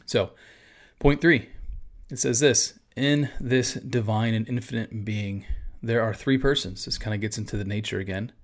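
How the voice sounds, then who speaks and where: A man's voice: on the low side, fairly even intonation, normal speed. Man talking through a statement of faith. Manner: conversational, with fillers and asides. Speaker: pastor. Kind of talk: casual teaching podcast.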